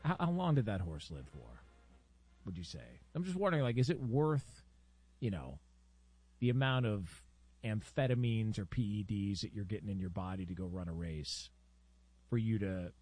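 Brief: man, casual podcast co-host, animated and joking, dry close sound. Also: on the low side, normal speed, no echo. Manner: animated, joking, laughs often. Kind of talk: casual chat.

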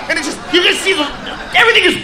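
A man doing stand-up comedy, blunt and profane, building up to shouting. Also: extremely high pitch, racing. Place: live comedy venue with laughing audience. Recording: live stage recording with crowd noise.

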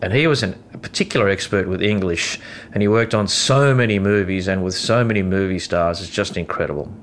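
A man's voice: sits low, fairly quick, slight background noise. A man hosting a radio show, introducing clips and talking straight to the listener in a conversational way. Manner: conversational, addresses the listener directly. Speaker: radio host.

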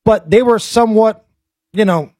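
Man, American accent, talk show host, blunt and animated, high voice. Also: no room sound, studio quality. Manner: blunt and animated, quick bursts of opinion. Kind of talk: casual political talk.

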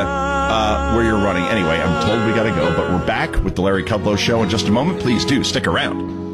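A man's voice: fairly low pitch, lively intonation, normal speed, over loud music. A man hosting a political talk radio show, mocking and emphatic in his commentary.

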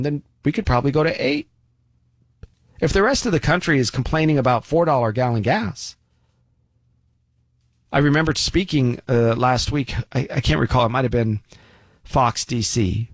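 A man's voice: medium pitch, dry recording. Folksy, sarcastic male commentator. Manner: folksy, sarcastic, with lots of asides. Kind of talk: opinion commentary monologue.

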